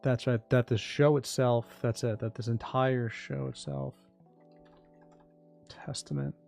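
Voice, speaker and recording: A man talking casually on a livestream about his crypto project, rambling, restarting sentences and getting excited. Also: medium pitch, a little slow, vocal fry, soft background music. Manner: rambling, self-interrupting, excitable. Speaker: crypto project founder and streamer.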